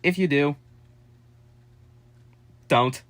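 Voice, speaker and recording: A man chatting casually and excitably to his viewers, jumping from topic to topic with quick asides and jokes. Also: fairly high pitch. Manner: addresses viewers as "guys", quick asides and joking. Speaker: vlogger. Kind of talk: casual rambling vlog chat to viewers.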